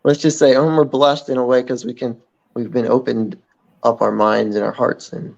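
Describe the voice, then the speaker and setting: A man as a guest in a casual interview chat, speaking in a reflective, unhurried way with many fillers. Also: medium pitch, flat delivery, gravelly, darkish tone. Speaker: podcast guest. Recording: dull lo-fi audio.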